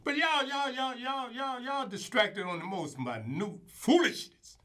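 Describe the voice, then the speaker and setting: A man's voice: extremely high pitch, expressive, measured pace, pushed and bright. A man giving opinionated casual commentary as show host, emphatic and colloquial, repeating words for stress.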